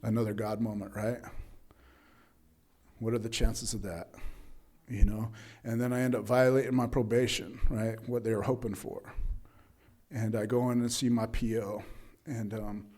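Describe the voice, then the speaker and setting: A man's voice: on the low side, flat delivery, moderate pace, pauses often, a little mellow. A man speaking at a recovery meeting, telling his own story in a loose conversational way, full of "right?" and fillers and acting out what others said. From Utah, USA. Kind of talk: personal recovery testimony.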